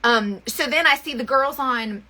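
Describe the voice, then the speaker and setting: Chatty bright-voiced woman. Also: sits high, unhurried. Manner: chatty, rambling, lots of fillers and restarts. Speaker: makeup seller and vlogger. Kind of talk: casual storytelling chat.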